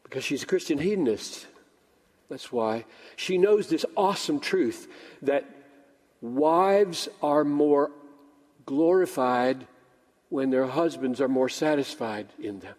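An older male pastor delivers a sermon with a fairly high, animated voice, acting out both sides of a story's dialogue. His voice rings out with a long reverb in a church sanctuary. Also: takes it slowly.

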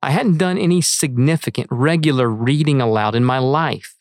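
An earnest middle-aged man reads his own essay aloud at a measured pace. His voice sits at an ordinary middle pitch. The recording is dry and close, with no room sound. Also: no echo. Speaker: author reading his article. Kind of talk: read-aloud essay narration.

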